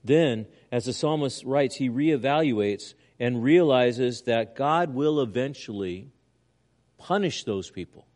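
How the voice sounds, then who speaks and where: An older man, a pastor preaching a sermon, earnest, with loud emphatic lines and quiet asides, in a mid-pitched voice. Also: expressive, slow.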